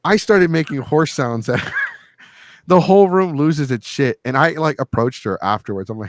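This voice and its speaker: Male podcast host, crude and animated, mid-range voice, dry close sound. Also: mid-range voice, moderate pace, dry recording. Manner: crude, joking, animated, laughs often. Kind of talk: casual storytelling chat.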